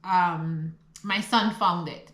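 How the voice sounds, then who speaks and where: A woman's voice: on the low side, fairly even intonation, takes it slowly, a bit bright, reverberant, rough recording. A middle-aged woman from the Caribbean with a Caribbean accent, chatting animatedly in a casual vlog and laughing often. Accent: Caribbean English. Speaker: vlogger. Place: rural home in the countryside.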